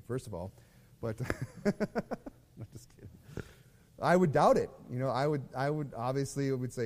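A man's voice: mid-range voice, normal speed, pauses often, darkish tone, in a large hall. A man teaching a Bible study in a loose, conversational way, repeating words and reading scripture aloud.

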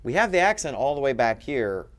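A man's voice: mid-range voice, big pitch swings, fairly quick. A man teaching at a board in a room, explaining patiently and checking in with frequent "okay?".

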